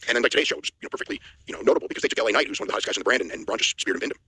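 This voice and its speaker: A man co-hosting a wrestling news show, giving blunt opinions in a casual chat, with a husky voice. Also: fairly low pitch, bright, forceful tone, no room sound, low-quality recording. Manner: fast opinionated talk with restarts.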